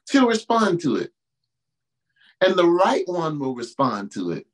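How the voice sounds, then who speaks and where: A male pastor preaching in a casual, conversational way, repeating his key phrases and swinging from low asides to loud exclamations. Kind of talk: preaching-style talk to singles.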